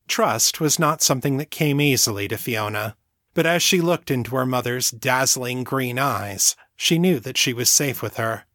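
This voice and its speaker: A male audiobook narrator reads a novel chapter in a steady, measured voice of mid-range pitch. It's scripted narration with clean studio sound and no echo.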